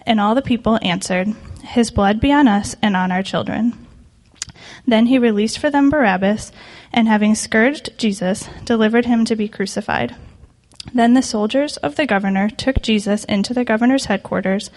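A woman reading scripture aloud in a church service, clear and even. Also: fairly high pitch, normal speed. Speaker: scripture reader.

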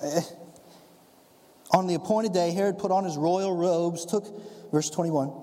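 A man preaching a sermon as a pastor, telling the story in an animated way and acting out the scenes. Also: sits high, unhurried. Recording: long hall reverb.

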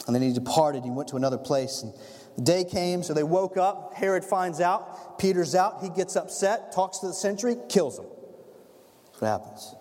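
A man preaching a sermon as a pastor, telling the story in an animated way and acting out the scenes. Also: on the high side, normal speed. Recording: long hall reverb.

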